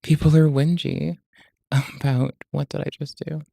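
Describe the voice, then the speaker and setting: Sweary streamer rambling over clips, gravelly dark voice, dry close sound. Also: medium pitch, level tone, unhurried, no room sound. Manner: rambling, sweary, self-interrupting. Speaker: streamer reacting to videos. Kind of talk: casual reaction chat.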